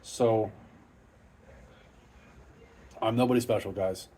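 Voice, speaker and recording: Low-ish and dark in tone, with fairly even intonation and a faint hiss or hum behind it, the voice of this middle-aged man moves along fairly quickly. He runs a car channel and is vlogging off the cuff from his home garage, cursing freely and talking in a blunt, self-deprecating, matter-of-fact manner.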